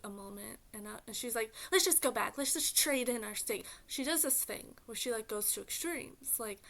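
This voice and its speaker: A woman's voice: a little high, creaky. A woman vlogger telling a story in a casual, rambling way, full of fillers and exasperated asides. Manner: rambling, filler-heavy retelling with many "like"s; exasperated, animated venting.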